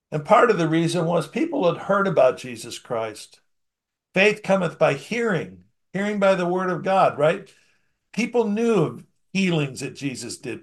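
A preacher with a slightly high-pitched voice reads scripture aloud in a sermon and then unpacks it in plain, conversational language. He alternates between emphatic, raised bursts and soft, nearly mumbled asides.

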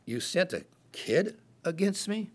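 A man's voice: sits high, big pitch swings, unhurried, husky, voice pushed up, full character voice. A man voicing a scornful male giant warrior who mocks a boy with sneering, incredulous questions. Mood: mocking.

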